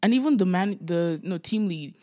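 Brief: young adult woman, lower-pitched, chatty podcast co-host, animated storyteller. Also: normal speed, no room sound, clean studio sound. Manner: animated storytelling, acts out quoted dialogue. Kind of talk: casual chat.

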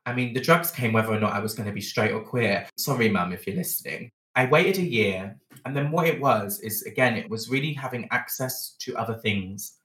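A man's voice: mid-range voice, fairly quick, few pauses, fairly bright tone, roomy sound, recorded from a distance. A man, from Bristol, telling frank, self-mocking stories as a podcast guest. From Bristol, England. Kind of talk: candid storytelling chat.

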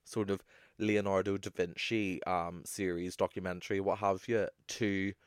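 A young man co-hosting a podcast in casual, sweary, animated chat. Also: low-pitched, moderate pace, clean tone, dry recording, clean studio sound. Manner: chatty, swearing, animated with playful put-on voices. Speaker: podcast co-host.

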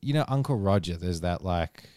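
A man co-hosting a comedy podcast, mostly reacting with short, dry questions. His voice is low but moves around a lot, smooth and clear on a dry, close mic. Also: animated, moderate pace, darkish tone, no room sound. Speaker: podcast co-host. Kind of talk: casual comedic chat.

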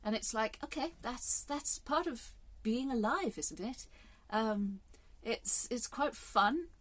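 A woman's voice: on the high side, lively intonation, slow, a bit bright. Woman, fifties, casual vlog, rambling, candid, reflective. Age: 50s. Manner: rambling, candid, swears for emphasis. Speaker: vlogger.

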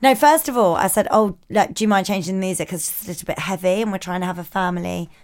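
A woman co-hosting a podcast, telling a story in casual chat, animated and swearing a lot. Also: on the low side, fast. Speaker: podcast co-host.

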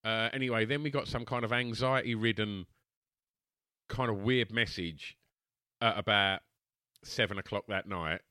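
Man, sweary storyteller, low pitch, bright tense voice. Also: normal speed, long pauses, clean tone, no echo, clean studio sound. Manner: sweary, animated anecdote teller who acts out quotes. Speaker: guest telling a story. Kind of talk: casual chat, storytelling.

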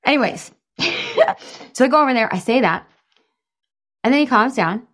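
A woman in her thirties giving a casual coaching talk, animated and laughing often, acting out quoted voices. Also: on the high side, moderate pace. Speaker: podcast host and weight loss coach.

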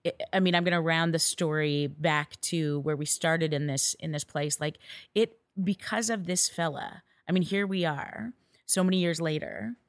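A woman hosting a podcast, asking long, rambling questions in a casual, animated way. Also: low voice, normal speed, no echo, clean studio sound. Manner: rambling, animated questions with restarts and mild swearing. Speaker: podcast host. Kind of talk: casual interview chat.

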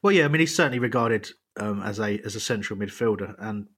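A British man hosts a relaxed football chat with a slightly husky voice. He talks in loose, rambling sentences full of ums and restarts, and laughs easily as he runs a quiz. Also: lowish voice, fast. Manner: chatty, hesitant with many ums, laughs easily. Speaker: podcast host. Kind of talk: casual football chat, quizmaster.

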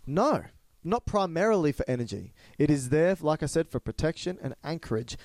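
A man's voice: on the high side, big pitch swings, brisk, darkish tone, dry recording. A man, co-hosting a casual educational podcast, explaining and teasing playfully. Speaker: podcast co-host.

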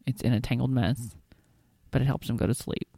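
A woman's voice: very deep voice, steady tone, fairly quick, vocal fry, warm tone, breathy edge, dry recording. A woman co-hosting a podcast in casual chat, a chatty, rambling storyteller who swears casually. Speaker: podcast co-host.

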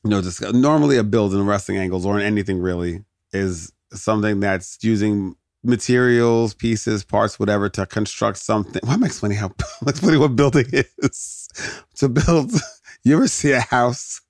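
A man hosts a podcast in a clean, dry studio recording with no room sound. His voice is on the low side at a normal speed, and he chats casually, wandering into jokes and laughing often.

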